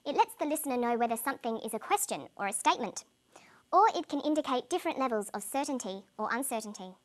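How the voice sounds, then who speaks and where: A woman with a slightly high voice narrates a scripted English lesson. She explains each point clearly and plainly. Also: expressive, fast talker. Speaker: English teacher.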